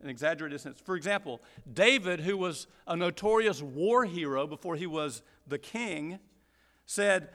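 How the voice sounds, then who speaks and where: A man from Georgia teaching through a Bible passage verse by verse, explaining deliberately and repeating points for emphasis. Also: fairly high pitch, lively intonation, fairly bright tone, in a large hall.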